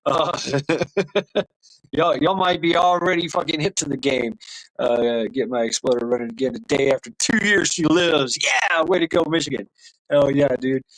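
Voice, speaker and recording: A man's voice: mid-range voice, normal speed, low-quality recording. A man in his fifties hosting a livestream, chatting casually with viewers in a rambling, profane, joking way and chuckling often. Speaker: livestream host reading chat.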